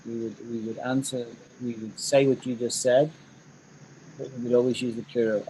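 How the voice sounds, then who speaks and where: A man's voice: medium pitch, steady tone, normal speed, mellow, a little hiss or hum, poor audio. A man teaching an online English class, chatty and emphatic, repeating phrases for stress.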